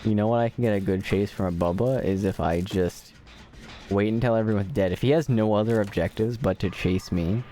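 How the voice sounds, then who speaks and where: A man's voice: fairly low pitch, brisk, dark tone. A man streaming a video game, giving live commentary in a joking, mock-dramatic way and talking to the characters on screen.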